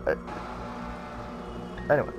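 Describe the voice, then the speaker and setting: A man's voice: slow, highs cut off, music in the background. Rambling young man playing a game. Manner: rambling, self-deprecating, many fillers. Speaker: gaming channel host. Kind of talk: casual let's-play commentary.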